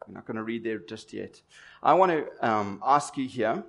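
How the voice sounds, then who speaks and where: The Durban preacher's voice is lowish and creaky, expressive, and moves at a moderate pace. His sermon is delivered conversationally, built around stories and rhetorical questions.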